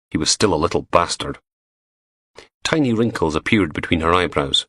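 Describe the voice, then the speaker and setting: Male audiobook narrator, low and animated, dry studio sound. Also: normal speed, breathy edge, no echo. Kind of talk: scripted narration.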